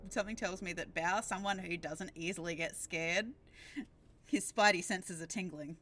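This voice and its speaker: A woman running a tabletop game as game master, narrating scenes in a slow, measured way. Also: lowish voice, bright, forceful tone, no room sound. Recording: music bed under the talk.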